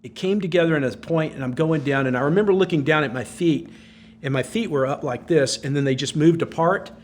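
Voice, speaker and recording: As a podcast guest, a former Navy SEAL in his sixties tells a gripping personal story with breathless intensity, a little fast, circling back over his own phrases. His voice is a bit higher than most men's, and a faint hiss runs beneath the conversation.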